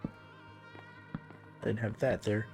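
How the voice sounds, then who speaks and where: A man streaming a building game, thinking aloud in a relaxed, muttering way as he works. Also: lowish voice, extremely slow, gravelly, soft background music. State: hiccuping. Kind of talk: casual game commentary while building.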